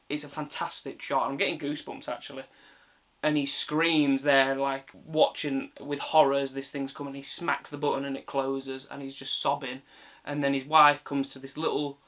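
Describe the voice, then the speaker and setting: Chatty man, bright tense voice. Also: a little high. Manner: chatty, swears freely, recounts plot at length. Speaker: film reviewer. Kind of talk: casual film review monologue.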